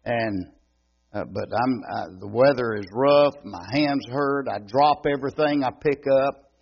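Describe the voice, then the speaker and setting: Slow-drawling older East Texas preacher. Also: male voice, medium pitch, creaky, highs cut off. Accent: East Texas Southern. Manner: homey, joking, unhurried drawl. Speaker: visiting preacher. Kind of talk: folksy sermon. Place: church sanctuary.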